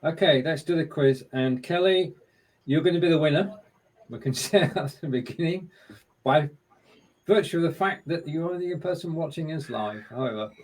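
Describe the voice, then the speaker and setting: A man's voice: on the high side, normal speed. A man co-hosting a live stream in a casual chat, running a music quiz and fiddling with screen sharing as he talks.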